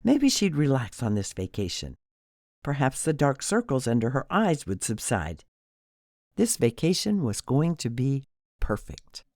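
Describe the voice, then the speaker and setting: A man narrating an audiobook in an expressive storytelling manner, on a close studio mic. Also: medium pitch, unhurried, no echo. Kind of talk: scripted narration.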